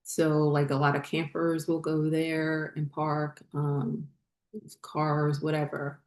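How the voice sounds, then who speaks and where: A woman's voice: low voice, monotone, slow pace, reverberant. A woman hosting a spiritual channel, telling a personal story in a rambling, casual way with many fillers and restarts.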